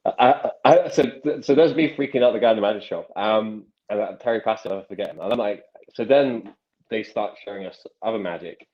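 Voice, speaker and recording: Low-voiced man rambling through a story. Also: a little fast, dull audio. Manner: rambling storyteller with many restarts and acted quotes. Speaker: podcast guest, magician. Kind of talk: casual interview chat.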